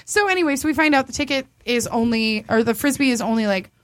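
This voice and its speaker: A woman's voice: fairly high pitch, quick pace, background noise. A young woman co-hosting a podcast, telling a story in a casual, dramatic way and laughing often. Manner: animated, dramatic, laughs often, acts out quotes.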